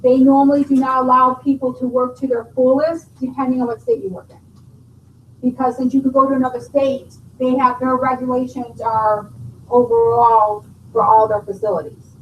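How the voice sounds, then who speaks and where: A woman's voice: sits high, flat delivery, moderate pace, distant mic, muffled recording. A woman teaching a nursing class, explaining and quizzing her students. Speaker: nursing instructor. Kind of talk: classroom lecture. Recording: roomy classroom recording from afar, faint noise.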